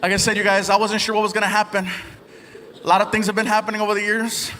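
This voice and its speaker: Fast-talking male stand-up comic. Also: sits high, in a large hall. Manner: animated storytelling with put-on voices. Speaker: stand-up comedian. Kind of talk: stand-up comedy set. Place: theater stage before a live audience. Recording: live theater with loud crowd laughter.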